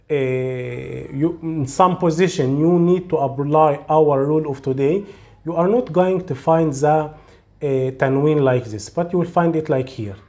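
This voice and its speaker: Slow, patient male teacher. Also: on the high side, darkish tone. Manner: slow, patient, demonstrates sounds and repeats them. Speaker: Arabic teacher. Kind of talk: slow, step-by-step recitation lesson.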